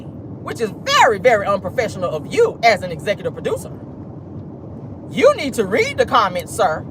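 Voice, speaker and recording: A woman's voice: mid-range voice, noisy background. Sassy, profane woman hosting gossip talk. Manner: sassy, blunt and profane, says "child" and "baby". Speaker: commentary show host. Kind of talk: celebrity gossip commentary.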